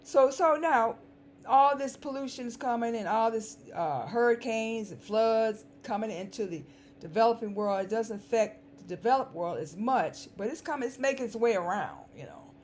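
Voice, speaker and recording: A woman's voice: fairly high pitch, animated, moderate pace, a little mellow. A woman with a dry, scratchy voice giving an emphatic, sarcastic commentary monologue, repeating words for stress. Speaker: vlogger.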